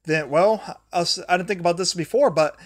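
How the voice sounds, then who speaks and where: A man's voice: sits high, a little fast, no room sound, studio quality. A young man hosting a solo livestream, rambling and often restarting his sentences. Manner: grumbles at a failing charger mid-talk. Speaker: livestream host.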